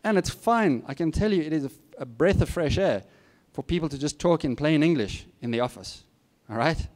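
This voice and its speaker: A man's voice: a little high, lively intonation, normal speed, darkish tone. A middle-aged man giving students candid, plain-spoken career advice with self-deprecating asides. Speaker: guest speaker. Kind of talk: informal advice talk to students.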